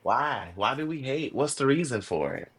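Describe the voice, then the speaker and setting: As a podcast guest in casual conversation, this man tells his stories with energy and swears freely, turning earnest and preachy about how to live. His voice is medium-pitched and breathy-edged at a normal speed.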